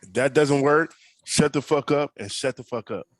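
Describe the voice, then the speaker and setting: A man's voice: mid-range voice, normal speed. A man co-hosting a casual podcast chat who jokes around and echoes the host's words. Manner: joking, echoes the host. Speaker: podcast co-host.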